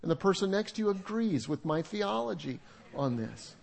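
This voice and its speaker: Older preacher with a high voice. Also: male voice, very animated, normal speed, creaky, darkish tone. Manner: conversational, humorous preaching with audience asides. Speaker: pastor. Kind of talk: sermon. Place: church sanctuary with congregation.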